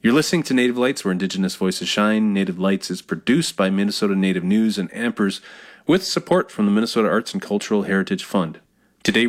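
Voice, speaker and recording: A man hosting a radio show, reading the show credits and then chatting with his guest. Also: deep voice. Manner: reads the station credits smoothly, then chats. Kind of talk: radio show intro and chat.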